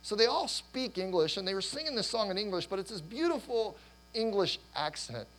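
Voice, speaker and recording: Animated middle-aged male pastor, hoarse voice. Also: high voice, a little fast, faint music behind, poor audio. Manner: animated, rambling with restarts and laughter. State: losing his voice. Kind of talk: sermon.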